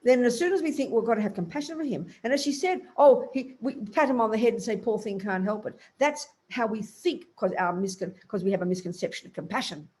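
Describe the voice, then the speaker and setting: A woman's voice: on the high side, lively intonation, quick pace, few pauses, a little mellow. An older woman, a Buddhist teacher, giving a blunt, emphatic dharma talk to a group and acting out inner voices.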